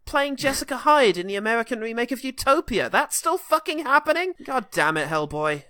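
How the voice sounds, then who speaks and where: A man's voice: extremely high pitch, big pitch swings, fairly quick, sharp tone, smooth, no room sound, studio quality. A man co-hosting a casual podcast chat, sarcastic and laughing often. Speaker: podcast co-host.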